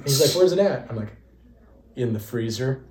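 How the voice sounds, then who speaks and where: A man's voice: medium pitch, normal speed, a little hiss or hum. Young man telling stories with laughter. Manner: lively, laughs often, acts out quoted dialogue. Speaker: podcast co-host. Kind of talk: casual storytelling. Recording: echoey room.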